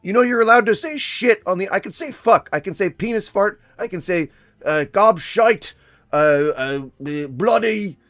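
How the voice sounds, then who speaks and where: Gravelly sarcastic man commentator. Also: high voice, expressive, moderate pace, fairly bright tone, dry recording, faint music behind. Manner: sarcastic, rambling, mocking. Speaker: reaction commentator. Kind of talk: casual reaction commentary.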